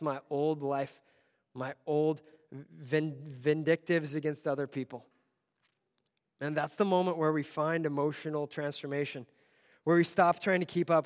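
A man preaching a sermon as pastor, telling a story with a voice that swells from quiet to loud. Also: fairly high pitch. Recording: long hall reverb.

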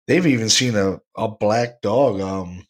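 A man with a fairly low voice tells a ghost story at a relaxed, rambling pace. He chuckles now and then and keeps it casual, like he's talking with a friend. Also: measured pace. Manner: rambling, laid-back, laughs while telling stories. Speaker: podcast host, paranormal investigator.

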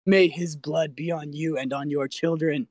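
Man reading as stern roman governor, formal and accusing, slightly high, dry sound. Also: steady tone, normal speed, dry recording, natural voice.

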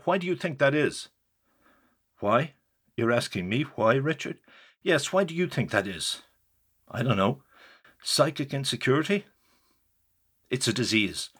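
A man's voice: mid-range voice, a bit bright, breathy edge. A man voicing a fiery, mocking older male actor who holds forth in a roaring, emphatic way.

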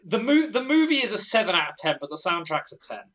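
A man with a bright, forceful voice, pitched a bit high, chats about a film. He makes his points with confidence and corrects his friends. The talk is casual. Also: big pitch swings, fast, poor audio. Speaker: podcast co-host. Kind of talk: casual movie chat.

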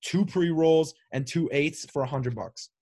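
Brief: young guy co-host, loose and animated, lightly raised pitch. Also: measured pace. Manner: loose, animated storyteller, swears a lot. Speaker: podcast co-host. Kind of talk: casual chat.

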